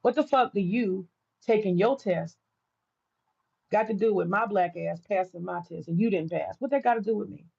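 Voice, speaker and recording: A woman's voice: medium pitch, normal speed, gravelly, darkish tone, breathy edge, highs cut off. An American woman livestreaming to her viewers, ranting in a heated, profane, repetitive way. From United States. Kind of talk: casual livestream rant.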